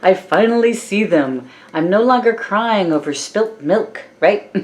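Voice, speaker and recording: A woman voicing a relieved man from a tarot card who is finally hopeful, in a slightly lifted, louder voice. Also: mid-range voice.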